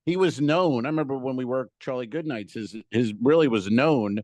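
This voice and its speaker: A man co-hosting a comedy podcast, telling showbiz stories in a loose, animated way with some swearing. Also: medium pitch, no room sound. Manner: animated storyteller, swearing, does quick impressions in stories. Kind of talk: casual comedy podcast chat.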